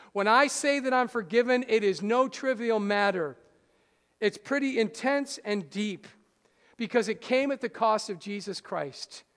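High-voiced man preaching in a hall. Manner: preaching with swings from loud rousing to hushed and soft; speaks straight to the congregation with questions. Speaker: pastor. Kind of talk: sermon. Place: church hall. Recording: hall reverb.

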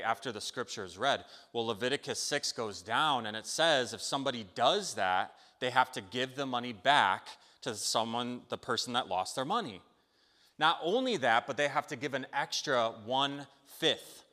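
A man preaching a sermon in a conversational, animated way, telling a story and checking in with the listeners. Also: medium pitch. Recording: long hall reverb.

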